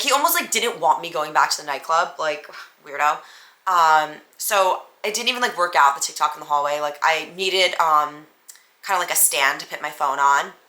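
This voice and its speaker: A woman podcast host telling a personal story in a casual, animated way, full of "like" and "um". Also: low voice. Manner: animated, frequent "like" and "um" fillers. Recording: echoey room.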